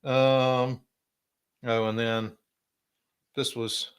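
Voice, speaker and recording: A middle-aged man with a South Carolina accent hosting a casual live stream, chatty and drawling, often clearing his throat. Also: mid-range voice, flat delivery, very slow. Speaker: host.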